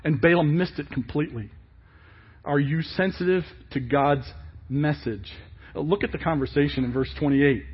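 Husky-voiced male pastor preaching. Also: fairly high pitch, normal speed, highs cut off. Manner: animated, rhetorical questions. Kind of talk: sermon.

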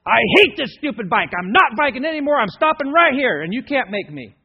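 A man mimicking a shrill, whiny young woman. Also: sing-song, a little fast, breathy edge, heavily acted. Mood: tantrum. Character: tired young woman throwing a tantrum. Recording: dull lo-fi sermon recording.

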